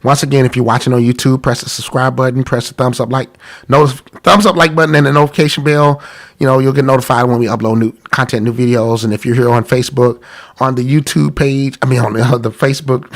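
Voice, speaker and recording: A man's voice: mid-range voice, gravelly, fairly bright tone. A man hosting a live-streamed talk about money, congested from a cold, earnest and pleading, repeating himself. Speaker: podcast host.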